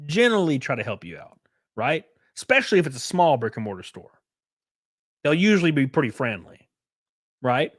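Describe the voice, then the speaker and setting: A man's voice: medium pitch, fairly bright tone, dry recording, clean studio sound. A man hosting his livestream, ranting casually and profanely while mimicking people in mocking voices. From United States. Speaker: streamer host.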